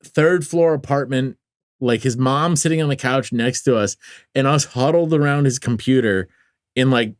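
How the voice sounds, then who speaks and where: A young man hosting a podcast in casual chat, laughing often, cursing, and tossing in quick agreement. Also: medium pitch, no room sound, studio quality. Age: young adult. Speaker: podcast host.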